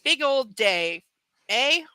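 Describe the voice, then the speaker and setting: A woman's voice: sits high, big pitch swings, extremely slow, bright, forceful tone, dry recording, studio quality, exaggerated voice. A woman reading as a fond middle-aged stepdad.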